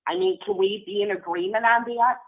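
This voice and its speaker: A woman's voice: mid-range voice, fairly even intonation. A woman calling in to a livestream, carefully working through dates and ages step by step. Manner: deliberate, walks through the numbers step by step. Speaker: caller. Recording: tinny phone-line call.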